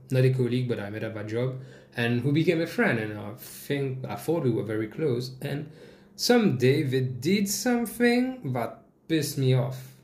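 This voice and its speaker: A man hosting a podcast alone, telling a personal story in casual, swearing talk with sudden jumps in pitch. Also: darkish tone. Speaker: podcast host. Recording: echoey room.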